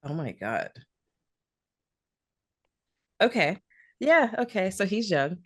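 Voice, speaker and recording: A young woman co-hosting a podcast, chatting in an animated way and laughing often. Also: medium pitch, moderate pace, no echo, studio quality. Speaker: podcast co-host. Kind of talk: casual chat.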